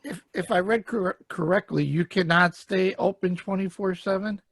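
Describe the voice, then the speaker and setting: A male podcast host with a high, gravelly voice chats over a video call, jumping in often. The sound is dry and close. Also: steady tone, a bit bright, no room sound. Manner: chatty, jumps in with quick reactions. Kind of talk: casual interview chat.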